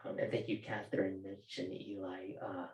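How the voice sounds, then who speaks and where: A man's voice: low voice, level tone, moderate pace, a little mellow. A male author reading from his novel at a bookstore event, with casual joking asides. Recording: roomy bookstore echo.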